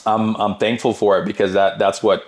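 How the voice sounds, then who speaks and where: A man's voice: fairly low pitch, level tone, normal speed. A man in his twenties, a podcast guest, telling his story in casual chat, upbeat and repeating words for emphasis. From Brazilian heritage. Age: 20s.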